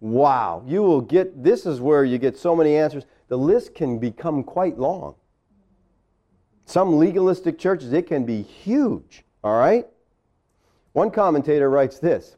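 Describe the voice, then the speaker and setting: A man's voice: lively intonation, unhurried, warm tone, muffled recording. A man preaching a sermon in a conversational way, often checking in with "all right?" and "okay?", and acting out the voices of the people he quotes. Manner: acts out quoted voices with big pitch swings. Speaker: pastor.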